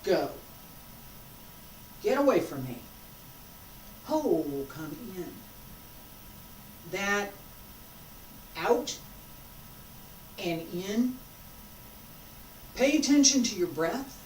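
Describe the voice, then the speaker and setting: Female qigong instructor, unhurried and soothing, heard from a distance in an echoey room. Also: medium pitch, very animated, darkish tone, a little hiss or hum. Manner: slow, coaxing, drawn-out phrases with long pauses. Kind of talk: guided qigong class. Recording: roomy sound from a distant mic.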